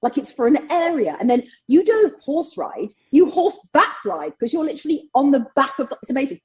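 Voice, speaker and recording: A middle-aged woman from England speaks with an English accent in a relaxed radio conversation. Her voice sits a little high, and she talks in an animated way, often breaking into laughter. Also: a little fast, dull audio. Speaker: sports broadcaster guest. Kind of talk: casual radio chat.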